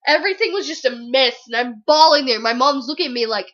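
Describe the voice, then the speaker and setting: A woman's voice: high voice, fast, a bit bright, muffled recording. A young woman giving a casual book review vlog, gushing, giggly and rambling.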